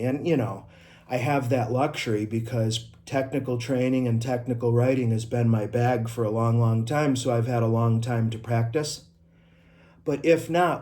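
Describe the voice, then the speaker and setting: A middle-aged IT trainer with an Inland North American accent from upstate New York talks casually to the camera in a vlog. His voice is medium-pitched with a darkish tone, and he's chatty and personal, full of asides and self-corrections.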